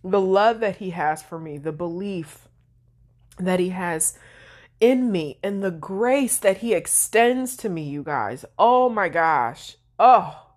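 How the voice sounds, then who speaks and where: A woman's voice: fairly low pitch, lively intonation, slow. A woman hosting her own podcast, speaking emotionally and tearfully, laughing through her tears. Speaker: podcast host. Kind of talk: heartfelt solo podcast talk.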